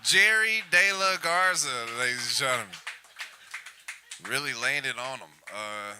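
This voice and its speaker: A man's voice: mid-range voice, animated, background noise. A man emceeing a live stand-up show, drawing out each comic's name as he brings them up. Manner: drawn-out hype introductions of names. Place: comedy club stage.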